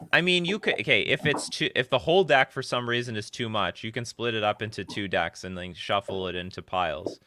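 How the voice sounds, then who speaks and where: A man's voice: lowish voice, noisy background. A man hosting a live stream, reading out viewer questions and chatting casually, often stopping and restarting his sentences. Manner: chatty, self-interrupting.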